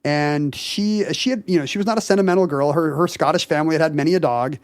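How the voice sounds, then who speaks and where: A man with a slightly high voice tells a story in casual conversation, stumbling through fillers and quick restarts as he goes. His voice is recorded close and dry, with no room sound. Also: clean tone, dry recording. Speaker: podcast co-host. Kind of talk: casual chat, telling a story.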